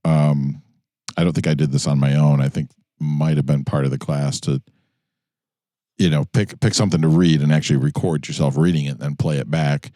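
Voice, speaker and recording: A man's voice: extremely low pitch, fairly quick, no room sound, clean studio sound. A man from New York co-hosting a casual podcast, telling stories easily with plenty of fillers. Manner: relaxed storytelling with frequent fillers. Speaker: podcast co-host. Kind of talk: casual chat. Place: in a jeep.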